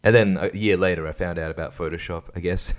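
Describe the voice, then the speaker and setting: A man's voice: low voice, steady tone, fast. A man hosting a casual solo podcast, rambling and crude, swearing and laughing often. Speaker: podcast host.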